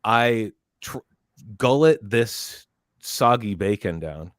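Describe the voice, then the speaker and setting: A man on a podcast, telling a story in a casual, animated way, close to a studio mic. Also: on the low side, slow, clean tone, dry recording. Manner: animated, barks quoted drill lines. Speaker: podcast panelist.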